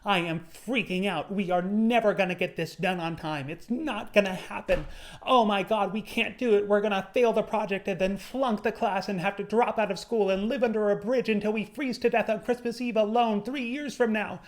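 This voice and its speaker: A man doing a shrill, frantic panicking student. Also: steady tone, moderate pace, few pauses, lightly acted. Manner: shrill, spiraling, breathless panic.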